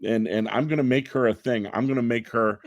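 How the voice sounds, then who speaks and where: An enthusiastic middle-aged man talks in a mid-pitched voice, piling up stories with quick restarts and stammers. The sound is close and dry, with no room around it. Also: vocal fry, dry recording, highs cut off. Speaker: comic book writer guest. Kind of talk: excited podcast interview chat.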